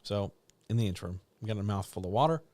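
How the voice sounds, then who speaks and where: This middle-aged man, a writing coach, has a lowish, dark-toned voice that's expressive and racing, with no room sound. In a casual live chat he speaks candidly to viewers, rambling and poking fun at himself.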